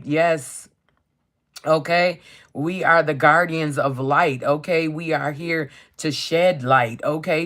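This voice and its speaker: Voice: mid-range voice, fairly bright tone. A card reader on a casual live stream who reads card keywords aloud as lists, swears casually and keeps asking "okay?". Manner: casual and profane, often tags lines with "okay?".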